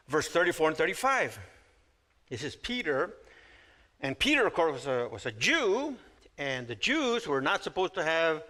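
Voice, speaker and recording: A middle-aged or older man giving a teaching sermon with scripture readings, chatty, and acting out quotes in animated voices. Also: on the high side. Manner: conversational, acts out quotes in lively voices. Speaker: Bible teacher.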